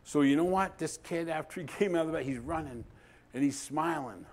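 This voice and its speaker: A middle-aged male pastor preaching in an animated storytelling way. He acts out both sides of a conversation and slows down for dramatic pauses. His voice sits a little higher than most men's. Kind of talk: sermon with storytelling.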